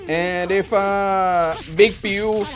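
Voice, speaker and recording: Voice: mid-range voice, steady tone, extremely slow, soft background music. Rambling streamer chatting with viewers. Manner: rambling, with many fillers and restarts; loose, joking banter with chat. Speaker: game streamer. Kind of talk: casual live-stream chat.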